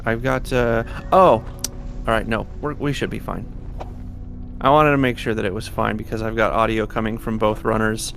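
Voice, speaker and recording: A male stream host talks casually, pausing and restarting as he checks the setup. His voice is gravelly, with music clearly audible behind him. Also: fairly low pitch, little pitch movement, fairly bright tone. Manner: hesitant, troubleshooting aloud. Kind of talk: casual live-stream hosting.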